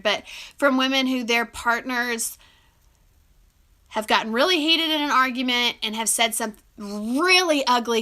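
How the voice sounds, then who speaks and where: A young woman talks straight to the camera about love and kindness in an earnest, heartfelt way. Her voice sits high and rings bright, and she giggles often and gets teary at times. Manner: warm, emotional, giggly, earnest. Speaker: relationship advice vlogger. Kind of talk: casual heartfelt talk to camera.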